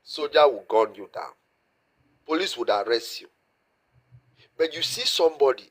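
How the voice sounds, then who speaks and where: A man's voice: mid-range voice, expressive, normal speed, long pauses, a bit bright. A Nigerian man with a Nigerian Pidgin-inflected accent, calling in and speaking with impassioned pleading, often repeating himself. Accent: Nigerian Pidgin-inflected English. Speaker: caller. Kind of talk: impassioned call-in comment.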